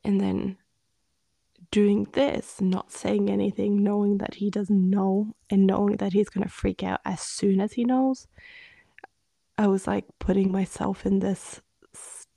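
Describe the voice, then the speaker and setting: A woman co-hosting a podcast, telling a personal story in a candid, rambling way and often dropping into a hushed voice. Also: medium pitch, level tone, measured pace, vocal fry, dry recording. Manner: candid, rambling, drops into hushed whispers when retelling. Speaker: podcast co-host. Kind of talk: casual storytelling chat.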